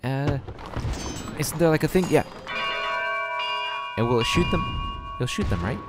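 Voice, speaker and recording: A young gaming channel host plays a strategy game in a casual let's-play, flustered and mocking himself as he thinks out loud with many fillers and unfinished thoughts. His expressive voice jumps around in pitch, he talks a little slowly, and clear music plays underneath.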